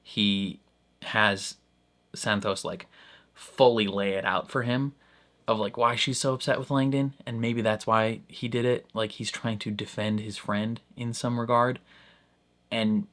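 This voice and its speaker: A man's voice: fairly low pitch, fairly even intonation, unhurried, fairly bright tone. Young man rambling through a reaction. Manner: rambling, heavy on "like" and "I don't know", laughs often. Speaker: reaction video host. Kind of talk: casual commentary.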